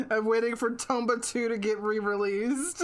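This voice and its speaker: A woman streamer chatting casually with her viewers, swearing freely and breaking into laughter. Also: a little high. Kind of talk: casual live-stream chat.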